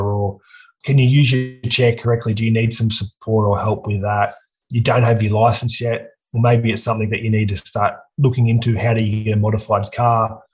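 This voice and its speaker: A man's voice: on the low side, slightly rough, rough recording. A man in his thirties with an Australian accent, a guest speaking bluntly and earnestly about his life, swearing freely and often saying "mate". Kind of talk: candid personal storytelling.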